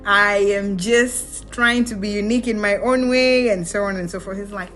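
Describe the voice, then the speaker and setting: A young woman with a Kenyan accent chats through a personal story in a loose, lively way, with a mid-pitched voice and her laughs breaking in. Faint music runs quietly behind her. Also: moderate pace. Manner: animated, mixes in Swahili slang, laughs often. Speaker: vlogger. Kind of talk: casual storytelling.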